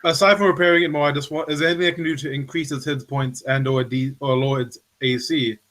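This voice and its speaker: A man chatting casually as a player at a tabletop game, jokey and animated. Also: mid-range voice, quick pace.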